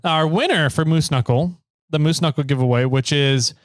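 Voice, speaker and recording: A man co-hosts a casual podcast from a small studio. He is chatty and laughs easily. His voice sits a bit high and sounds dry and close. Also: normal speed, no echo. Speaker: podcast co-host.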